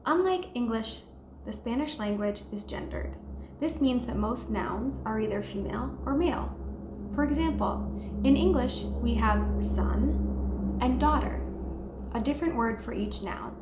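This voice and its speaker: A woman giving a slow, patient beginner language lesson, modeling each word and encouraging listeners to repeat after her. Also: fairly high pitch, animated, background noise. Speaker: language teacher. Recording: echoey room with faint ambience.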